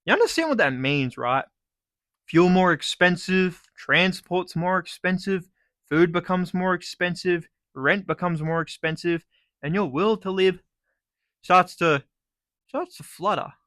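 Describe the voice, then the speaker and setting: A man's voice: high voice, lively intonation, a little slow, a bit bright, no room sound, studio quality. A young man with an Australian accent delivering a sarcastic, sweary comedic rant. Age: young adult. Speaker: vlogger.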